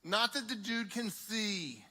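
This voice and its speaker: Bright, high-voiced preacher man. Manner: animated, acts out voices in quick dialogue. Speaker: youth pastor. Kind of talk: energetic youth sermon.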